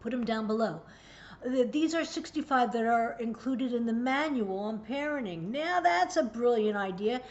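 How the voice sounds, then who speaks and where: A woman's voice: fairly high pitch, lively intonation, normal speed, a little mellow. A woman in her sixties giving a direct-to-camera parenting lesson, earnest and emphatic, sometimes acting out parent and child voices. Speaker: parenting educator. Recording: dull lo-fi sound, faint background hum.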